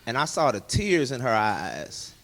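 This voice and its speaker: A man, a guest in a candid interview, telling his personal testimony and acting out dialogue in lively voices. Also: medium pitch, measured pace. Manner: animated storyteller who acts out dialogue in other voices.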